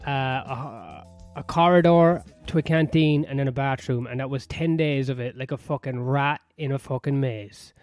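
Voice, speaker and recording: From his sauna-area home in west London, an Irish-accented podcast host goes on a rambling, crude and sardonic comedic monologue full of swearing. His medium-pitched voice moves at normal speed with few pauses, and soft piano music plays in the background.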